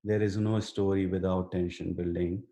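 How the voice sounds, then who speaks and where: A man's voice: sits low, little pitch movement, moderate pace, dark tone, reverberant. A man teaching a live online writing workshop and answering student questions earnestly, with many fillers and restarts. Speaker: writing instructor. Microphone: video call.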